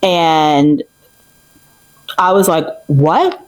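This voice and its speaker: Low-voiced young woman telling a story. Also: normal speed, no room sound, rough recording. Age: 20s. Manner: animated, emphatic, with many fillers. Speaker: vlogger. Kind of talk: casual storytime.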